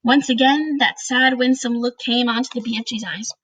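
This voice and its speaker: A woman's voice: on the high side, fairly even intonation, moderate pace, a bit bright, slightly rough, no room sound, low-quality recording. A woman reading a children's book aloud, narrating it steadily and expressively.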